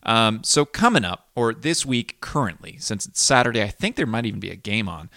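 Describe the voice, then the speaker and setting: A man's voice: on the low side, animated, fairly quick, sharp tone, no room sound, studio quality. A man hosting a fantasy football league podcast, recapping in a chatty, rambling way with lots of ums and restarts. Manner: chatty and rambling, with frequent ums and self-corrections. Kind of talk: casual solo podcast recap.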